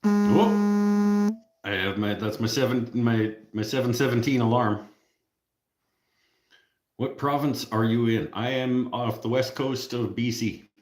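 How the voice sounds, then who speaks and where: This livestream host, a Canadian man with a matching accent, speaks in a mid-range voice with a steady tone and a slightly slow pace. The room is reverberant, and he keeps things casual, cracking jokes for viewers and laughing along with himself.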